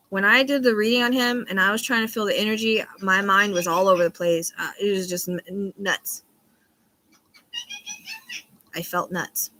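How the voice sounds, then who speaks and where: Female livestream host, psychic chat, bright tone, loose and rambling delivery. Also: mid-range voice. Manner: rambling, often loses her train of thought; laughs easily between thoughts. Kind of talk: casual live-stream chat.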